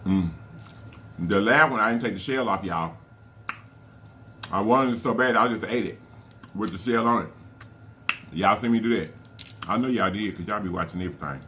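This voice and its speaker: Bright-toned man chatting while eating. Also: on the low side, normal speed, pauses often, a little hiss or hum. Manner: chatty, addresses viewers as y'all, murmurs while eating. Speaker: mukbang vlogger. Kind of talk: casual eating vlog talk to viewers.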